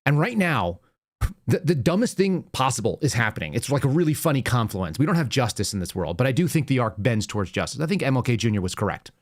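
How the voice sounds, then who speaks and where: A man's voice: medium pitch, very animated, quick pace. A man hosting a political commentary show, talking in a ranting, sarcastic way. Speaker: show host.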